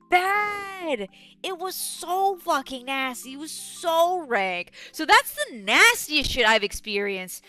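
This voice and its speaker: Young woman streamer, high bright voice, lively and profane, dry close mic with faint music behind. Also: dry recording. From New York City. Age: young adult. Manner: swears constantly, rants with outrage. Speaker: streamer reading chat. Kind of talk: casual livestream chat.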